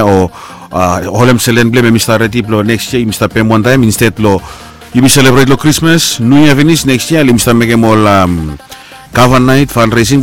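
Rambling male radio host. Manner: rambling, animated, pitch jumps up on quoted lines. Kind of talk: casual radio talk with listener shout-outs.

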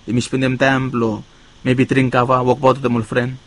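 A male preacher delivers a sermon in a voice of ordinary middle pitch. He lifts his key words with emphasis, then lets each phrase fade low and soft at its close. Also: flat delivery, moderate pace.

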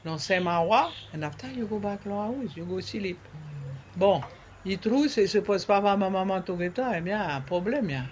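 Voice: medium pitch, normal speed, darkish tone. Ni-Vanuatu nurse, casual health tips, French words mixed in, faint background noise, talk-show guest.

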